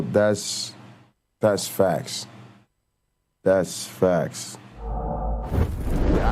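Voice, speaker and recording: A man's voice: medium pitch, smooth. Slangy male livestream host. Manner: slangy, joking, addresses chat directly. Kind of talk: casual livestream chat.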